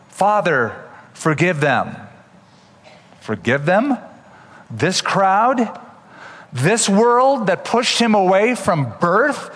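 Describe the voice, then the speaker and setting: Man, pastor, sermon, humorous asides, fairly high voice, long hall reverb. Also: a bit bright. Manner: expository preaching with humorous asides.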